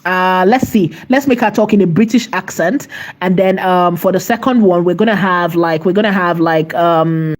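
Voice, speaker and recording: Chatty woman teaching, repeats herself. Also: on the low side. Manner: chatty and emphatic, repeats phrases, asks "right?"; slows to dictate while typing. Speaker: AI tutorial host. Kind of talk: live screen-share tutorial.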